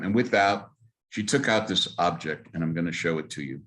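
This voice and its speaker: A man's voice: deep voice, brisk, fairly bright tone. A man, a rabbi, telling personal stories to a congregation in an earnest, emphatic way. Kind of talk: storytelling talk to a congregation.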